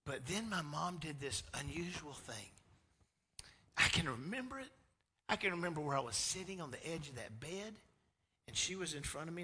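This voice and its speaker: Pastor, storytelling sermon, bright forceful voice, big reverberant hall. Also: male voice, fairly high pitch, expressive, moderate pace, a little hiss or hum. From Georgia, US. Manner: swings from loud to hushed. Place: church sanctuary.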